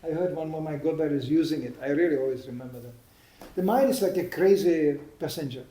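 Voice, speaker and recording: A man with a fairly high voice gives a loose, storytelling spiritual talk, laughing now and then at his own anecdotes. His voice rings with a noticeable roomy echo. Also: quick pace, dark tone. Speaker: devotional speaker. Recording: echoey room.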